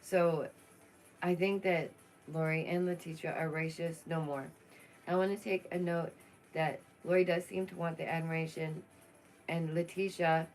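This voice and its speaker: A woman's voice: fairly low pitch, slight background noise. A young woman chatting casually and outspokenly through a true crime commentary vlog, laughing often.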